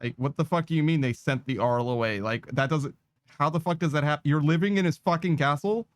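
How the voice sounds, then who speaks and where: A man's voice: a little high, brisk, dry recording. A man giving let's-play commentary in a sardonic, profane, rambling way. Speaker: gaming streamer.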